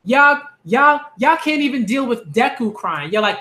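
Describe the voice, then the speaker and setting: A man giving a ranting commentary vlog on manga, animated and exasperated, repeating phrases for emphasis. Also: extremely high pitch, unhurried, few pauses.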